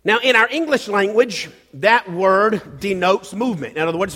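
Male pastor, high voice, preaching in a reverberant church hall, halting restarts and rising emphasis. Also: a bit bright. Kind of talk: sermon. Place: church sanctuary.

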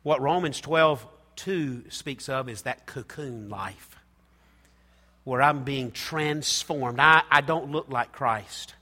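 A middle-aged man preaching a sermon, swinging between soft, intimate passages and loud, emphatic ones. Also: medium pitch, takes it slowly. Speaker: pastor. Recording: long hall reverb.

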